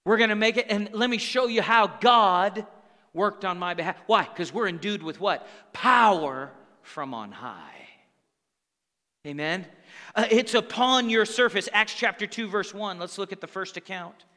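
High, bright-voiced pastor preaching in a hall. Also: male voice, normal speed. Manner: conversational preaching with call-and-response asides. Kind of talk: sermon. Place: church sanctuary.

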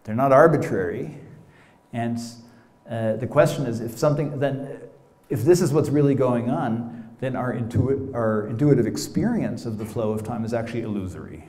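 A middle-aged American man lectures in a roomy hall, his voice mellow and dark. He talks loosely and playfully, dropping casual asides as he explains. The room gives his voice a clear echo. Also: mid-range voice, normal speed. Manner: conversational, many "you know" asides, playful. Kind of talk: academic lecture.

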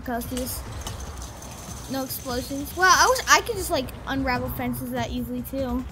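A woman giving chatty, rambling commentary while playing a video game, breaking into excited yelps. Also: high voice, moderate pace, faint music behind. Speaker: gaming commentator. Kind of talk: casual gameplay commentary. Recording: loud background noise.

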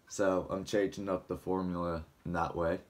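Still waking up early in the morning at home, a young vlogger rambles casually to camera through a dry throat, stuffing his talk with fillers. His voice sits low with little pitch movement, at a normal speed.

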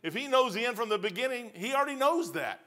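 A man's voice: very high-pitched, expressive, fast talker, bright, forceful tone. A male pastor with a Midwestern American accent, preaching a verse-by-verse sermon in a folksy, emphatic way with colloquial phrasing. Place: church sanctuary.

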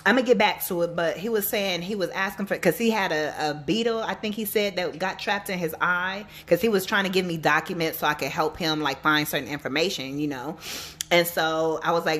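In a fairly low, fairly quick voice, a woman working as a psychic reader and life coach does a reading, chatting directly with her audience and animatedly sharing stories.

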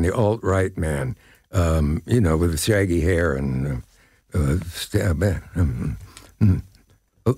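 Deep-voiced older man, rambling anecdotes. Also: mellow, husky, no room sound, studio quality. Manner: rambling, anecdotal, pauses searching for names. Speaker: guest. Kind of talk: casual interview chat.

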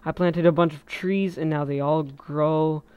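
A man chatting through a game in a smooth, clear voice, rambling and correcting himself, with sudden excited outbursts. The recording is slightly muffled and lo-fi. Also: fairly high pitch, measured pace, no echo. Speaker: gaming video creator. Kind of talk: casual gameplay commentary.

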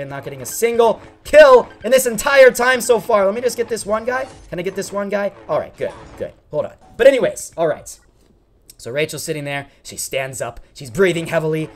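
A man's voice: on the high side, a little hiss or hum. A young man, a gaming channel host, telling a long, rambling story over gameplay and often getting sidetracked. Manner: rambling, animated, easily sidetracked.

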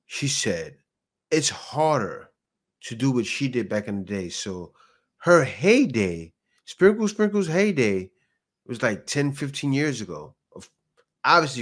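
A man hosting a reaction video, commenting casually with rhetorical questions and laughter. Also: mid-range voice. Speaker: reaction channel host.

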